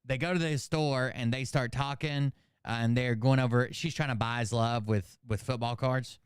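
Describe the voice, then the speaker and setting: A man casually recapping a movie in a profane, animated rant, acting out the characters with sudden shouts. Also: medium pitch, normal speed, smooth, no room sound, studio quality. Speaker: channel host.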